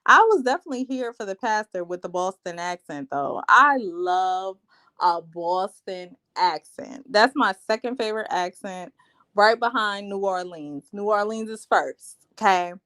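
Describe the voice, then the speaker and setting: A woman's voice: medium pitch, expressive, unhurried, pushed and bright. A woman hosting a live reality TV recap, chatting in a sassy, gossipy, slangy way. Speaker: show recap host.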